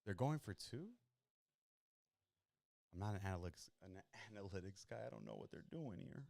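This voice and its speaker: A man hosting a live watch stream, chatting casually and reacting in excited bursts to a football game. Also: fairly low pitch, moderate pace, gravelly, dry recording. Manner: excitable, chatty, jumps between worry and hype.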